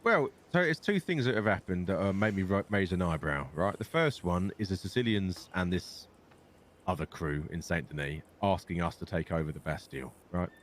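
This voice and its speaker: Speaking at normal speed in a low, animated voice, a young London-accented man stays in character as a gang leader in roleplay, swearing often as he rambles through a long tale.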